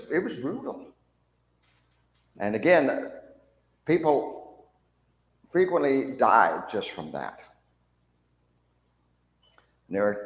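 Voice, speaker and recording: A man leads a church Bible class at an ordinary pitch, asking his students questions and acting out the voices in the story. His voice echoes around a reverberant room, the tail hanging in the air. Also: highs cut off. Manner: animated, acts out mocking soldiers' voices, asks the class questions.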